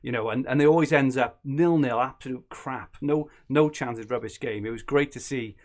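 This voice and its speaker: A man's voice: mid-range voice, moderate pace, a little mellow. A man co-hosting a podcast, chatting in a rambling, joking way. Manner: rambling, self-correcting, joking. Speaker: podcast co-host. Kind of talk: casual banter.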